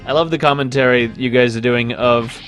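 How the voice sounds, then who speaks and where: A man's voice: medium pitch, steady tone, fairly quick, clear, resonant tone, soft background music. A man commenting casually and jokingly while playing a video game on a stream. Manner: jokey, amused.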